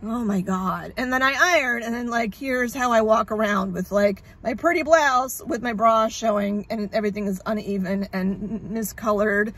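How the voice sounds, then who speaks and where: A woman's voice: a little high, moderate pace, few pauses, fairly bright tone. A woman talking candidly in a casual vlog, sarcastic and frazzled, rambling and swearing freely. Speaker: vlogger sharing her illness journey.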